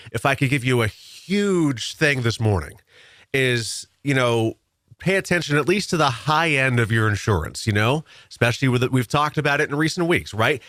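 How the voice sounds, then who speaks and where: A man's voice: medium pitch, a bit bright, no echo. Earnest man giving insurance advice on radio. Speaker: insurance agent guest. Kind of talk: casual radio chat.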